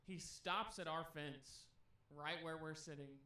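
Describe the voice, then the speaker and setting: A young man co-hosting a podcast, telling a street story in a casual, animated way and swearing as he goes. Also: fairly high pitch, takes it slowly, very echoey. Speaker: podcast co-host.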